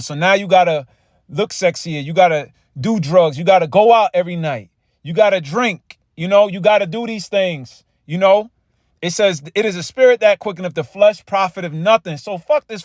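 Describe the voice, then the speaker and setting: A man with a high voice delivers a casual sermon, reading scripture lines slowly and with weight, then talking them through. His speech is loose and stumbling, full of "all right" and repeated words. The sound is close and dry, with no room around it. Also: no room sound. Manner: reads scripture slowly and with emphasis. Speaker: preacher.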